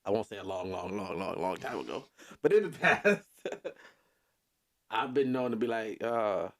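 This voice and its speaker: A man's voice: lowish voice, animated, moderate pace, a bit bright. Laid-back rambling podcast man. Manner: rambling with many fillers, laid-back, chuckling. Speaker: podcast host. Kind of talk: casual chat.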